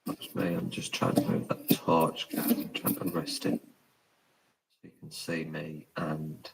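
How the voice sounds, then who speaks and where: Low, slow-talking male ghost hunter. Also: level tone, creaky, a crowd in the background, poor audio. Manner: hushed, rambling with many ums. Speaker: paranormal investigator. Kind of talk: live stream, answering chat. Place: indoors, a shop at night.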